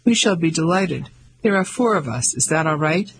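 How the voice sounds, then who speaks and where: A man voicing Ellie, calm woman. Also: a little high, moderate pace, background noise. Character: woman Ellie, curious English traveller.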